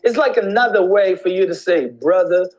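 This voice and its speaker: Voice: medium pitch, normal speed, rough recording. An English teacher in an instructional video lesson, demonstrating slang greetings with repeated examples.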